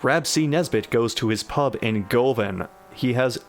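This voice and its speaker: A man's voice: medium pitch, unhurried. Dry-voiced man reading a story. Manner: dry, wry commentary. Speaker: reader of a generated story. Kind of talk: deadpan comic reading with asides.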